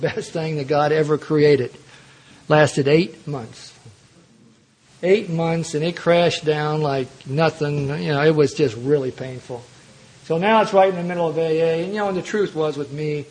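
A man speaking to a recovery meeting, telling his own story with humor and acting out the lines of the people in it. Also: fairly high pitch. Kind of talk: personal recovery story told to a group.

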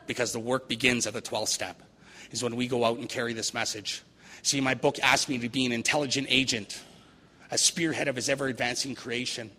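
A man's voice: mid-range voice, steady tone, a little fast, pushed and bright. A man giving a recovery meeting talk, earnest and repeating phrases for emphasis. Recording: long hall reverb, faint noise.

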